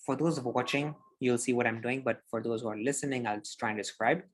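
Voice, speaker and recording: A man giving public speaking tips on a podcast over a video call, explaining in an animated, demonstrative way. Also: mid-range voice, a little fast. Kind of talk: instructive podcast conversation.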